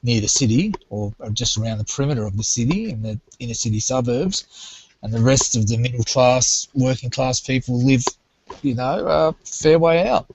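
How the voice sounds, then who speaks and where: A man's voice: mid-range voice, normal speed, darkish tone, breathy edge. A man from Australia chatting casually in an online hangout, easygoing and rambling. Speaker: hangout participant. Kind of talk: casual chat. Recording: muffled online call audio.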